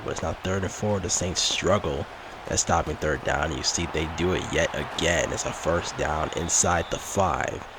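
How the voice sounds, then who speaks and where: A man giving casual play-by-play commentary over his football video game, rising with excitement on big plays. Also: low-pitched, noisy background. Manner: mock sportscaster play-by-play, lively on big plays. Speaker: gaming YouTuber.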